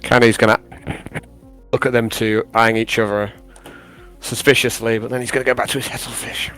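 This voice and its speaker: A man plays his character in a tabletop game, speaking casually and haltingly with plenty of uhs. His voice sits at an ordinary pitch, with faint music playing behind him. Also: level tone, a bit bright. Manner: hesitant, halting with fillers. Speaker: player.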